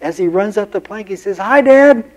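A man preaching with a mellow, warm tone. He builds his points by repeating phrases, stacking them in earnest runs, and moves into homespun stories. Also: sits high, steady tone, fast talker, lo-fi sound. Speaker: pastor. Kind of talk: sermon.

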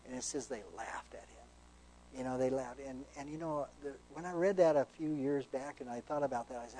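A man's voice: fairly high pitch, moderate pace, dark tone, low-quality recording. A man, a pastor, teaching a sermon verse by verse, conversational and earnest, reading scripture aloud with emphasis.

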